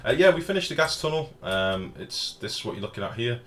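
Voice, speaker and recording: A man with a mid-range, slightly bright voice chats in a sing-song way at a fairly quick pace while streaming a game, answering viewers and swearing occasionally. He's in a home room with an open window, and faint outdoor street noise can be heard.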